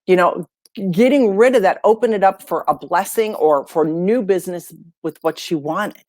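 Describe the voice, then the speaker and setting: A woman, a life coach and podcast guest, tells stories in a relaxed, conversational way and acts out the lines of the people in them. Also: on the low side, moderate pace, no room sound, clean studio sound. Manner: lively storyteller who acts out dialogue. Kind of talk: casual podcast storytelling.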